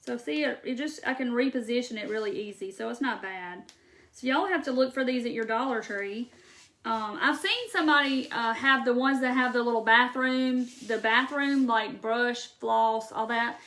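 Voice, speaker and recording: High-voiced Mississippi woman gushing over crafts. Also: normal speed, a bit bright. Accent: Southern US, Mississippi. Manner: chatty, gushing, Southern drawl. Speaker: crafting host. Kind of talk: casual live crafting stream.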